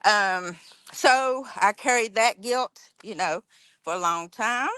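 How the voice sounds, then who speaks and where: A middle-aged woman from West Virginia, a podcast guest telling her life story in a blunt, emotional, halting way. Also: mid-range voice, sharp tone, clean tone, no room sound. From West Virginia, USA. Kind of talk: candid personal storytelling.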